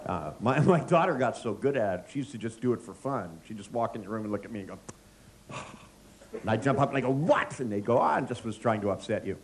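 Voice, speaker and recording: A man's voice: fairly low pitch, lively intonation, quick pace, noisy background. A middle-aged man, a therapist, giving a live seminar lecture, joking, telling anecdotes and quizzing the audience. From United States.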